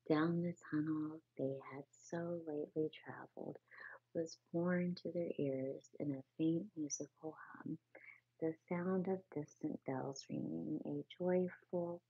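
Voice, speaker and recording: A woman reading a bedtime story slowly and softly, often dropping into a half-whisper. Her voice is low, gravelly and husky. The sound is tinny and dry, like it came over a phone line. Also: steady tone, no room sound.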